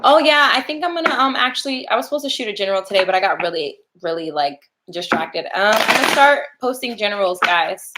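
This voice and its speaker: A woman's voice: mid-range voice, animated, fast, few pauses, very noisy. Chatty woman reading tarot live. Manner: chatty, laughs often, talks to viewers. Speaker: tarot reader.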